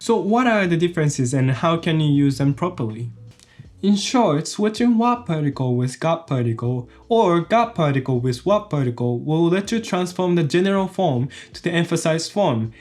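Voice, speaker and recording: Lively male language teacher. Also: on the high side, normal speed. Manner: explains step by step, repeats each example sentence twice. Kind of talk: explanatory video lesson.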